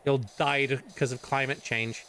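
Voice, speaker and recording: A man's voice: medium pitch, little pitch movement, normal speed, pushed and bright, a little hiss or hum. A British man streaming casual chat, rambling and swearing often between laughs.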